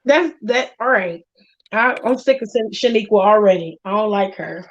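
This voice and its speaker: A woman's voice: medium pitch, moderate pace. A woman co-hosting a casual chat, talking bluntly and profanely and laughing often. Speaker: podcast co-host. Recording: dull lo-fi sound.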